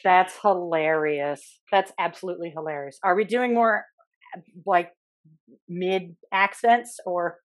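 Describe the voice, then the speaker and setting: A woman's voice: lowish voice, a little slow. A woman hosting a podcast, rambling through casual stories and swearing freely. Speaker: podcast host. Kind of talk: casual chat.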